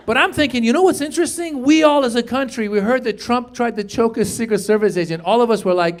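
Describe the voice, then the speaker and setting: A man performing a stand-up comedy set, energetic, jumping to loud shouted punchlines and acted voices. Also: extremely high pitch, fast talker, hardly any pauses. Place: comedy stage with a live audience. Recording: live club recording, audience laughter and faint noise.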